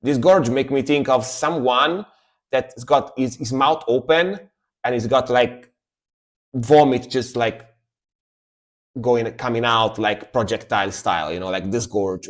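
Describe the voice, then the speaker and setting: A man talks loosely over his music reactions. He repeats words and restarts his sentences, and he laughs easily, at an everyday middle pitch. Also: measured pace, pauses often. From Italy. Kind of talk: casual live-stream reaction chat.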